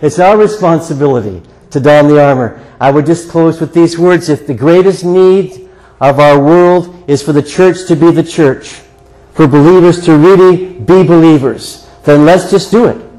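A man's voice: fairly high pitch, moderate pace, dark tone, rough recording. An older man preaching a sermon to a congregation in an earnest, conversational way, with repeated rhetorical questions. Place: church sanctuary before a congregation.

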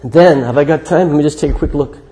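A man preaching a sermon, telling a personal story in an earnest way with emphatic pauses. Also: on the high side, warm tone, husky, poor audio. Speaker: guest preacher.

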